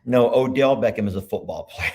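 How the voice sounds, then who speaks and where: A man's voice: medium pitch, fairly quick, a crowd in the background. Rambling, chatty man hosting a livestream. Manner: rambling, chatty, thinks aloud. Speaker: livestream host. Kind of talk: casual live chat.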